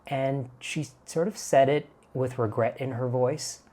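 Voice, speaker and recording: Fields: Sex: man. Origin: Canada. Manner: gentle, thoughtful storytelling. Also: mid-range voice, steady tone, measured pace. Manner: gentle, thoughtful, softly fond. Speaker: vlogger. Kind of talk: reflective storytelling to camera.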